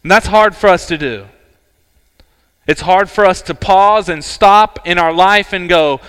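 A man preaching a sermon as pastor, earnest and emphatic, with dramatic pauses. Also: high voice, a bit bright, smooth. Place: church sanctuary. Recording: church hall reverb.

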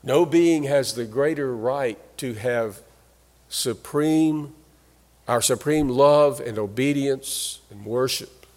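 A man preaching a sermon in an earnest, emphatic way, leaning hard on key phrases. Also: medium pitch. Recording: long hall reverb.

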